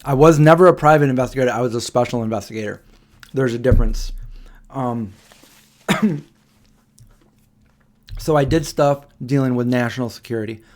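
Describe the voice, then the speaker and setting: A man in his forties hosting a live Q&A stream, telling stories in a rambling, halting way with many pauses and restarts. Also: mid-range voice, a little mellow. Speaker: livestream host. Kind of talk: casual storytelling on a live Q&A stream.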